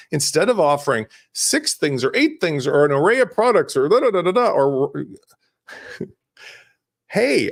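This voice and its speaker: A middle-aged man hosts a live business webinar with a slightly high, gravelly voice. His pitch swings a lot as he jumps energetically from one example to the next. The sound is dry and close, with no room echo. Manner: energetic, conversational, jumps between examples and screen-sharing. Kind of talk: casual live webinar teaching.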